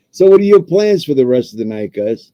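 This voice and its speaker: A man's voice: medium pitch, mellow, no room sound. A man guesting on a casual podcast, easygoing and self-deprecating, heard over a dull lo-fi line. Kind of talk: casual chat.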